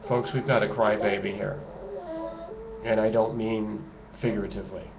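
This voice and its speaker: A man's voice: on the low side, fairly even intonation, normal speed, gravelly. A man delivering a sarcastic, emphatic ranting monologue to camera, repeating his points for effect. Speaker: video blogger. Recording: dull lo-fi home recording with noise.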